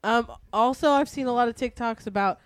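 A woman's voice: fairly high pitch, brisk, smooth, dry recording. A woman co-hosting a podcast, chatting casually in a blunt, crude, teasing way. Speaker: podcast co-host. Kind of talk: casual chat.

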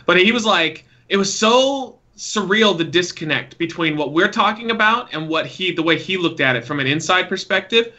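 A man co-hosting a casual podcast, telling stories in an animated way with some swearing. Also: sits high, moderate pace, hardly any pauses, highs cut off. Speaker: podcast co-host. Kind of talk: casual chat.

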